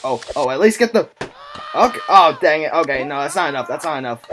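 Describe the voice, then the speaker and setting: A male YouTuber giving casual, rambling gameplay commentary, excitable and quick to laugh. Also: on the high side, noisy background. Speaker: YouTube gamer.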